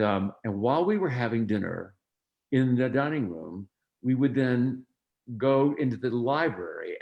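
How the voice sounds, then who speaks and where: A man guesting on an interview, telling family anecdotes in a relaxed way, acting out quoted voices, with frequent ums and restarts. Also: fairly low pitch. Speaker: interview guest, film producer. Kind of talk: storytelling in a conversational interview.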